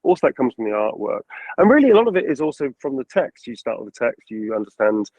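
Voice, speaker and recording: A man, a voice actor, answering interview questions about his craft in an animated way and acting out voices as he goes. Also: mid-range voice, fast talker, no echo, low-quality recording. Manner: animated, acts out quotes and voices. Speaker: voice actor guest.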